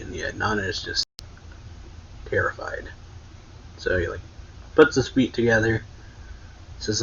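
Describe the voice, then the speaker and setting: Husky-voiced man recapping a manga. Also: lowish voice, measured pace, long pauses, pushed and bright. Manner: rambling, filler-heavy with frequent "like". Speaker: anime reaction channel host. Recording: dull lo-fi audio.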